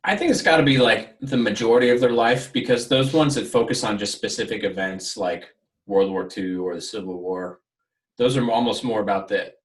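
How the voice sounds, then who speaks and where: A man's voice: lowish voice, a little fast. A man co-hosting a movie podcast, joking and emphatic in casual chat. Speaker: podcast co-host. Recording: voice a bit far from the mic.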